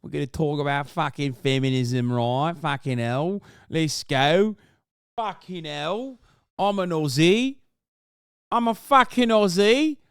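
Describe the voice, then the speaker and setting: A man's voice: a little high, slow pace, clean tone, dry recording, studio quality. A man voicing a crude, swearing Australian bloke in an exaggerated way. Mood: rowdy. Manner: profane, exaggerated.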